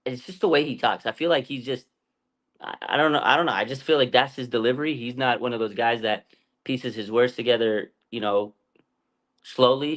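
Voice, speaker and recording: A man's voice: medium pitch, a bit bright. A man hosting a fan sports show, talking in a loose, rambling way full of fillers and restarts. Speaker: fan channel host. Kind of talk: casual sports talk livestream.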